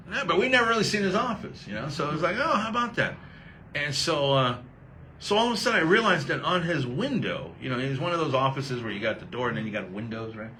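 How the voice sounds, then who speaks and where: Bright-toned middle-aged male host. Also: mid-range voice, slight background noise. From Texas. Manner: animated, acts out quoted voices. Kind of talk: casual storytelling chat.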